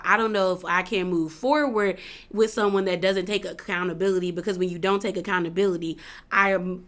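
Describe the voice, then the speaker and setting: Chatty woman recapping reality TV. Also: medium pitch. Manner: chatty, opinionated, quotes others in animated asides. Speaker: recap commentator.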